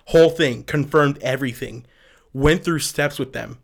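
A young man co-hosting a podcast in casual chat, an animated storyteller. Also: mid-range voice, normal speed, creaky. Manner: animated storyteller, laughing through the telling. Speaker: podcast co-host.

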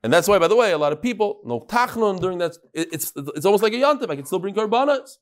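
A man leads a Talmud class in a brisk, good-humored lecture. His voice sits slightly high, and he drops into sing-song chanting for quoted lines. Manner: joking, animated, chants phrases. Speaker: Talmud teacher.

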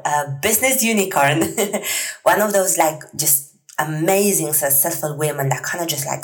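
Low-voiced woman hosting a chatty podcast. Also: rough recording. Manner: chatty and earnest, many fillers and soft laughs. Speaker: podcast host. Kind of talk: solo podcast monologue.

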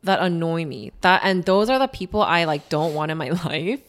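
A woman's voice: lowish voice, normal speed. A young adult woman co-hosting a podcast, ranting in casual chat and filling her talk with "like". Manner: ranting, animated, heavy use of "like". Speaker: podcast co-host.

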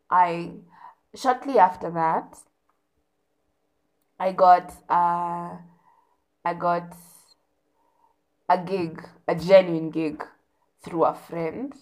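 A young woman tells a story in a casual, emphatic rant. She talks slowly and draws out her words, with a fairly low voice. She repeats words and phrases to hammer her point home. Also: darkish tone.

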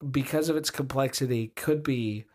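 A man's voice: mid-range voice, normal speed, a little mellow. A man co-hosting a podcast, chatting casually and thinking aloud with restarts and mild jokes. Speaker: podcast co-host. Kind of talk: casual chat.

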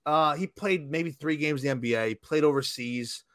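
A man's voice: fairly high pitch, moderate pace, fairly bright tone, no room sound, clean studio sound. A man hosting a casual sports talk show, telling anecdotes and swearing freely. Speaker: podcast host.

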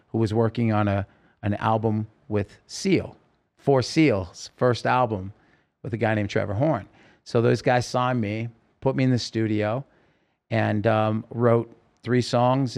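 Animated male storyteller on a podcast. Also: on the low side. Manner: animated storyteller, acts out quoted voices. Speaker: podcast guest. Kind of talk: storytelling interview. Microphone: podcast microphone.

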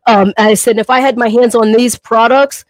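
A woman's voice: on the high side, fairly even intonation, moderate pace, no room sound, rough recording. Chatty woman, emotional rambling storyteller. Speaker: personal trainer and podcast co-host. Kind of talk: casual podcast chat.

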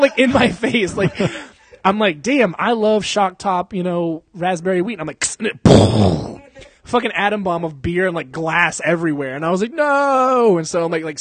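A young man telling a long story in casual chat, animated and full of swearing and laughter. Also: on the high side, husky, dry recording.

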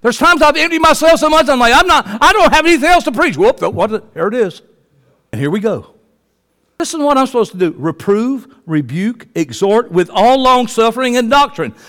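Fiery preacher in a reverberant church. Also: male voice, very high voice, lively intonation, normal speed. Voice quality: passionate, swings from soft to shouting. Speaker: pastor. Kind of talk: fiery sermon. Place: church sanctuary. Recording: long reverb of a church hall.

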